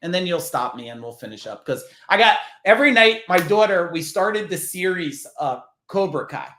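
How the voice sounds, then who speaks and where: New guy, middle-aged, swears a lot telling stories, kinda high voice, roomy echo. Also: moderate pace. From New Jersey. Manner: animated, profane, acts out quoted voices. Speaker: podcast guest, business coach. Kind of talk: casual interview storytelling.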